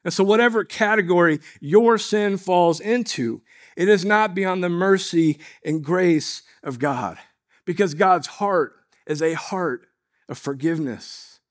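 A man preaching a sermon as a pastor, earnest and measured, posing rhetorical questions to his listeners. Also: sits high.

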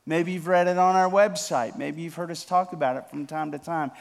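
Man, pastor, sermon, high voice, hushed repetitions swelling into loud emphasis. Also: vocal fry. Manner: swings from hushed, slow repetition to loud emphatic build-ups; addresses congregation members by name.

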